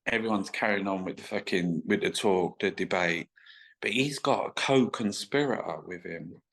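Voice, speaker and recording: A man's voice: sits low, moderate pace, gravelly, fairly bright tone, poor audio. A man, a guest telling rambling, sweary stop-start anecdotes in a casual interview. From England. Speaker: guest artist.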